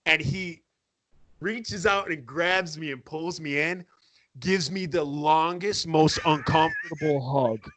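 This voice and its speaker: A man's voice: on the high side, takes it slowly. A man telling a long story in a casual chat, acting out what people said and laughing as he goes. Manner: animated, acts out quotes with laughter. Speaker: podcast guest storyteller.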